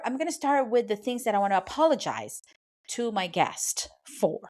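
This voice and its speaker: A woman's voice: a little high, lively intonation, moderate pace, a little mellow. A woman hosting her podcast alone from a small soundproofed home office, chatty and apologetic, sometimes tripping over her words. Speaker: podcast host. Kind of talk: solo podcast monologue. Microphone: studio microphone.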